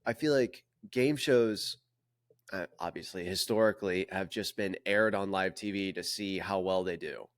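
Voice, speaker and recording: Low-voiced opinionated man, dry sound. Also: normal speed, no echo. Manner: opinionated, clears throat. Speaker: podcast co-host. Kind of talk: casual podcast chat.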